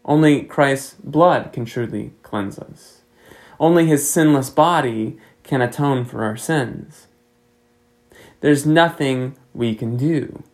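Here a male pastor, his mid-range voice gravelly with some fry, works through a sermon in a steady, sincere way that builds to pointed rhetorical questions. The recording quality is low.

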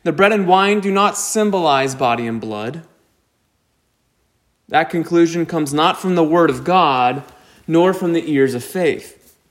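A man preaching a sermon, slow and deliberate, with emphatic rises on key points. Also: a little high, expressive. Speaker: pastor.

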